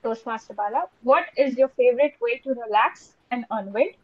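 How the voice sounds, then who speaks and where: A woman runs the impromptu speaking part of an online club meeting in a high voice. She repeats each question patiently. Her audio is dull and dry, typical of a video call. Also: moderate pace, no echo. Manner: repeats questions, laughs lightly. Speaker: table topics master. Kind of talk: meeting hosting.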